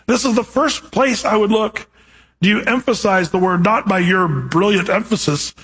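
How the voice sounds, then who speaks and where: A man preaching to his congregation in a high, husky voice. He reads scripture slowly and with weight, then breaks into direct, animated questions to the people in front of him. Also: low-quality recording. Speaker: pastor. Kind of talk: verse-by-verse sermon.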